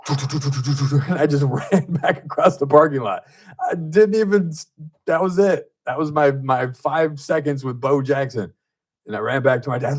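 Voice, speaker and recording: A man hosting a local radio talk show, telling stories in a casual, animated way, laughing often and acting out what people said. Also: medium pitch, moderate pace. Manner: animated storyteller, laughs often, acts out quotes. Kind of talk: casual radio chat and storytelling. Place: radio studio.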